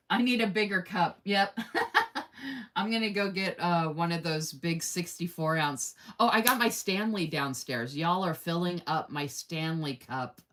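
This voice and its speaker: A woman's voice: on the low side, a bit bright. A woman hosting a casual live stream, chatty and effusive, laughing often and reading viewer comments aloud. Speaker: live-stream host running a giveaway.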